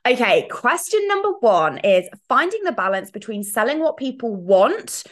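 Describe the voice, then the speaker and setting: A woman's voice: on the high side, big pitch swings, normal speed. A woman hosting a solo coaching podcast, talking frankly and chattily, wandering into asides and swearing playfully. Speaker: fitness coach and podcast host. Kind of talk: casual solo podcast chat.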